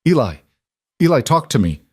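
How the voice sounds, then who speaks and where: A man's voice: medium pitch, expressive, measured pace, a little mellow, no echo, clean studio sound, voice pushed up, natural voice. A man voicing a weary, determined frontier cowboy who pleads with and orders his son to hang on. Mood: desperate. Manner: pleading and commanding to keep his son awake.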